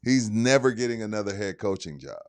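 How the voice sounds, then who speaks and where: A man co-hosts a sports radio talk show, talking in a laid-back way while backing up his partner and adding his own opinions. His voice sits a little on the low side and sounds dry and close to the mic. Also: expressive, fairly quick, darkish tone, no echo.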